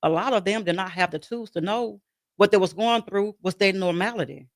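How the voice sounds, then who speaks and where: A woman with a medium-pitched voice speaks a little fast as an interview guest about life as a grieving mother. She talks earnestly and repeats herself while voicing her own inner dialogue. The audio has no room sound.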